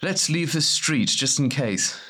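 A man voicing a cautious male warrior in an audiobook, speaking calmly and steadily. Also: on the high side, unhurried, husky, pitched above the performer's own voice, full character voice. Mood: wary.

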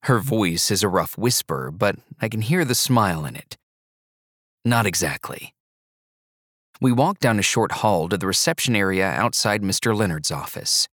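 A man narrating an audiobook in the first person, with a measured, even storytelling delivery. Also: on the low side, no room sound, studio quality.

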